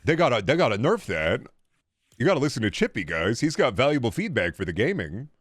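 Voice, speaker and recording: Man streaming games, sarcastic and lively. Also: medium pitch, fairly quick, dry recording, studio quality. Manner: sarcastic, joking banter. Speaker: game streamer. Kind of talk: casual gaming commentary.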